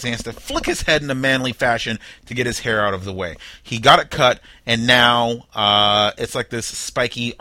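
A young man hosts a comedy news show, his bright, forceful voice swooping up and down as he reads each headline. He drops wry asides and slips into mock-dramatic voices for the people in the stories. The recording is dry and close, with almost no room sound. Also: medium pitch, no echo. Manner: wry, jokey asides while reading headlines. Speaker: podcast host.

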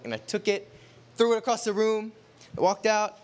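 A man with a fairly high voice delivers a sermon built around a personal story. He talks in a chatty, animated way, slipping into the voices of the people he quotes. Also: fairly quick. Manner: animated, conversational, acts out quotes. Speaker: preacher.

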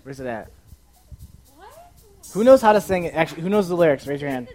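A man's voice: fairly high pitch, animated, brisk, a little mellow. A man hosting a podcast in front of a group, joking and coaxing people to join in, repeating himself. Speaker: podcast host. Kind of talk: casual chat to a live group.

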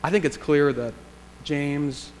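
A man's voice: fairly high pitch, slow pace, a little mellow. A male pastor preaching a sermon in a church sanctuary, in a reflective, conversational way with rhetorical questions. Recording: long church reverb, faint hum.

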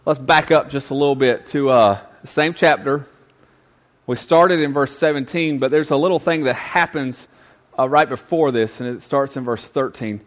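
A man's voice: medium pitch, moderate pace. A man preaching a youth sermon, conversational and emphatic with folksy asides.

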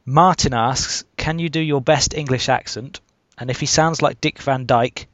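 A man's voice: medium pitch, moderate pace, hardly any pauses, fairly bright tone, no echo. A Scottish man hosting a podcast, reading out listener questions in a jokey way. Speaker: podcast host. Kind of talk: casual podcast chat. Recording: dry, dull lo-fi sound.

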